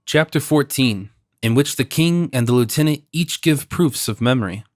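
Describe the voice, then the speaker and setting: A man narrating a classic novel as an audiobook, in a measured, expressive reading. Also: mid-range voice, no echo, studio quality.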